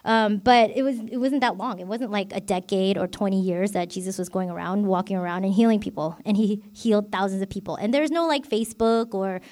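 A woman's voice: medium pitch, brisk, few pauses, darkish tone. A woman deacon giving an informal bible teaching, chatty and full of fillers like "you know" and "like". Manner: chatty, filler-heavy, self-revealing.

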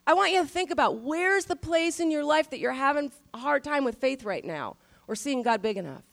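Woman pastor preaching, chatty but hits the big lines slow and loud, kinda high voice. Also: expressive, gravelly. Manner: conversational, emphatic on key phrases. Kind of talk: sermon.

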